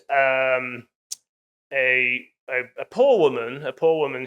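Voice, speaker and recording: A man's voice: a little high, pushed and bright. A man giving a public lecture, telling stories in an enthusiastic, chatty way with frequent fillers.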